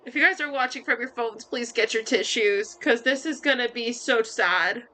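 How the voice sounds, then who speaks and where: A woman playing through a story game, reacting emotionally out loud and talking to her viewers. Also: fairly high pitch, normal speed, few pauses. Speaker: let's play gamer.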